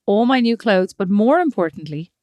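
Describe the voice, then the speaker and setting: A woman's voice: medium pitch, big pitch swings, normal speed, a little mellow, no echo. An Irish woman in her thirties co-hosting a podcast, reflective one moment and teasing her sister the next. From Ireland. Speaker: podcast co-host. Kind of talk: casual chat.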